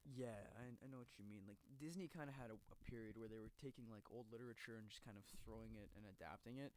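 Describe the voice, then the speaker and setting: A man co-hosting a podcast in casual chat, retelling stories with lively energy and plenty of swearing. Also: lowish voice, fast. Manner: animated storyteller, swears freely. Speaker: podcast co-host.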